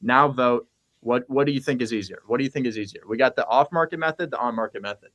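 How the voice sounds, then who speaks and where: A blunt, high-energy man talking through his method like a coach. His voice sits at an ordinary middle pitch and he swears freely in casual conversation. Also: fast talker, fairly bright tone. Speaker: real estate wholesaling coach. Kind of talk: casual chat, animated teaching.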